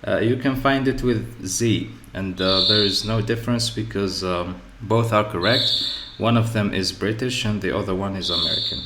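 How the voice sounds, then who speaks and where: A man teaching English word stress in a slow, repetitive lesson, often pausing with "okay" and "so". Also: fairly low pitch. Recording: echoey room with faint ambient noise.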